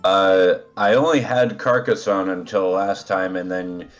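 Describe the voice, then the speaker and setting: A guest player on an online game stream, this congested man speaks in a low voice at a slightly slow pace, with soft music in the background. His relaxed, rambling talk is full of hesitant fillers, and it comes through a phone speaker with dull, lo-fi quality.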